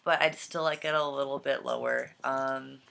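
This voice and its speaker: Hesitant young man, bright slightly gravelly voice. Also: mid-range voice, steady tone, moderate pace. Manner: hesitant, many ums and trailing thoughts. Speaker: vlogger. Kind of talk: casual vlog chat. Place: home. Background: dog and cat noises.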